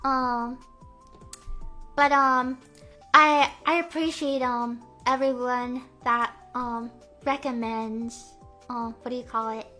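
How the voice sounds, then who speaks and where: Young woman streamer, high and sharp-toned, Valley-girl rambling with lots of "um" and "like". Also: level tone, slow pace, faint music behind. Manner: rambling, filler-heavy, Valley-girl talk; stammering, repeating phrases. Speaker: VTuber streamer. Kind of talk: casual livestream chat.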